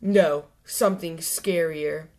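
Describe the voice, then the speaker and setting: A woman voicing an excitable young boy frog in a children's storybook reading, bursting with ideas. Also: low-pitched, slow pace. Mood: excited. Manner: eager, bouncy, blurting ideas.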